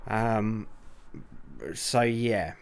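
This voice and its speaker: Male podcast co-host, lowish voice, casual and hesitant delivery. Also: fairly even intonation, very slow, a little hiss or hum. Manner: hesitant, lots of ums and restarts. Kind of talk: casual sports chat.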